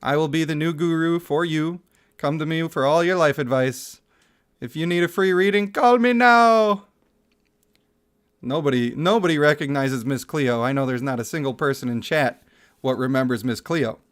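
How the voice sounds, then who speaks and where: A man's voice: fairly high pitch, steady tone, normal speed. A man in his thirties chatting casually on a livestream, reading out chat messages and laughing often. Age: 30s.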